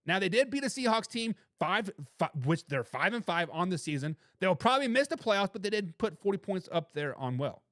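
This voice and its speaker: High-pitched, animated man hosting football talk. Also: brisk, hardly any pauses, dry recording, clean studio sound. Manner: emphatic, animated and opinionated, repeats phrases for emphasis. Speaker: host of a football talk show. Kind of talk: live-stream sports talk reading chat comments.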